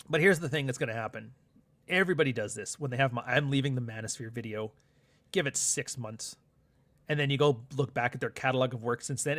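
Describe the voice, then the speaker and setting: A man's voice: medium pitch, no echo. A young man, hosting a livestream in a sardonic, profane, rambling monologue. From Canada. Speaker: livestream host. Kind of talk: casual ranting monologue.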